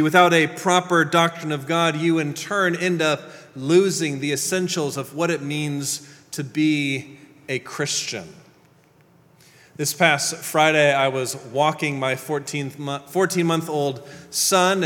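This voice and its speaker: Male pastor, thirties, slightly high voice, earnest sermon delivery, long hall echo. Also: fairly bright tone.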